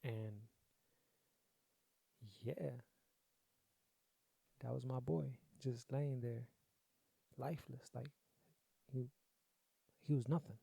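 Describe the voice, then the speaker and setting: A man's voice: mid-range voice, slow, creaky, pauses often, mellow, slightly rough, no echo. A young adult man hosting a podcast, telling a sad personal story in a casual, profane, repetitive way, sounding grieving. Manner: profane, conversational, repeats himself. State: grieving, emotional. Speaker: podcast host.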